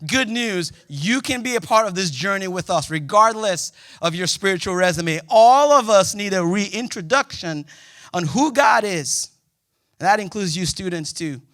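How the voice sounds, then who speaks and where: A young male pastor delivers a sermon in a loose, conversational way, cracking small jokes and suddenly hitting key words loudly. His voice sits high and sounds bright and forceful. The sound is close and dry, with no room echo. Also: normal speed. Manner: lively, conversational preaching with jokes and sudden loud emphasis. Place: church auditorium.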